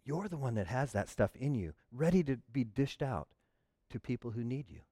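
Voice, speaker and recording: A man preaching a sermon to a congregation, animated and humorous, acting out the voices of churchgoers to make his points. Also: mid-range voice, normal speed, no room sound, studio quality. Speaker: pastor.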